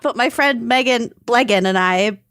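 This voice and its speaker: Giggly lady cohost from minnesota, chatty and laughs a lot, kinda high voice. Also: moderate pace, fairly bright tone, clear, resonant tone, dry recording, studio quality. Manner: giggly, easily amused. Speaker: podcast co-host. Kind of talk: casual chat.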